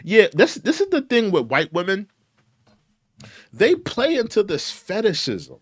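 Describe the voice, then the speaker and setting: Young black guy ranting on his stream, kinda high voice, swings all over. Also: wildly swooping pitch, unhurried, dry recording, studio quality. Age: young adult. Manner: reads documents aloud and riffs on them. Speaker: commentary channel host. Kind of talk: casual livestream commentary.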